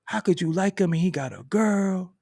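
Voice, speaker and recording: A man's voice: high-pitched, normal speed, creaky, mellow, no echo, studio quality. A man telling a story in a casual, profane and emphatic way, laughing between lines.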